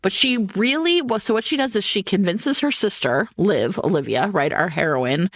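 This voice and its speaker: A woman's voice: mid-range voice, lively intonation, normal speed, few pauses, a bit bright, no echo, studio quality. A woman co-hosting a podcast, animatedly retelling a book in casual chat, full of restarts, asides and casual swearing. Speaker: podcast co-host.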